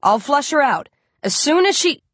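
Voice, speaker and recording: A woman voicing a cool, commanding male hunter leader with an American accent and a slow drawl. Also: high-pitched, sing-song, a bit bright, no room sound, pitched above the performer's own voice. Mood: calm command.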